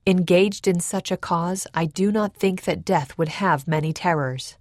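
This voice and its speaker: A woman voicing a brave male riverboat captain, slow and solemn. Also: lowish voice, no room sound, clean studio sound, natural voice.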